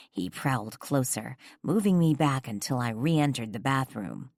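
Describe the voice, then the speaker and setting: A woman narrating a first-person romance audiobook in an expressive storytelling voice. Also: a bass voice, normal speed, creaky, hardly any pauses, dry recording, studio quality.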